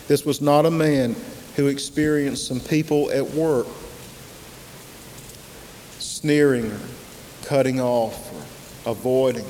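A man preaching a sermon, slow and emphatic, with dramatic pauses and repetition. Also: mid-range voice, steady tone, darkish tone. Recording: long hall reverb, faint hiss.

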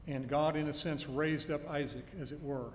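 A man preaches an expository sermon, teaching earnestly with emphatic stresses and homely anecdotes. His intonation is fairly even and his pace moderate. The recording carries a long hall reverb and a faint low rumble.

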